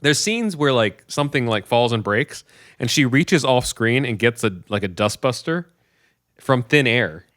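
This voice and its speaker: A man in his thirties, co-hosting a casual podcast chat, retelling movie scenes with lively acted-out voices. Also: unhurried, dry recording, clean studio sound. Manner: animated storyteller, acts out movie scenes in loud high voices. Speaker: podcast co-host.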